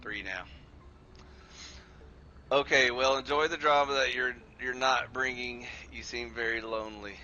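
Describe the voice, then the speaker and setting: Sharp-voiced, profane, sarcastic male streamer. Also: mid-range voice, steady tone, a little slow, pauses often, lo-fi sound, slight background noise. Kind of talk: casual live-stream chat over gameplay.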